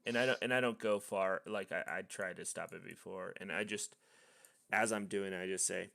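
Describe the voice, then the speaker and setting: A man's voice: deep voice, steady tone, normal speed, vocal fry, bright, forceful tone. A man playing a tabletop game, talking his character's actions through with frequent restarts. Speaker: player. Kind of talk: casual tabletop role-play.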